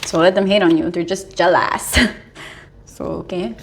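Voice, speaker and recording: A young adult woman talking casually as a tarot reader, animated and full of "like"s, often breaking into laughter. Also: fairly low pitch, moderate pace, a little hiss or hum. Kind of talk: casual spiritual advice monologue.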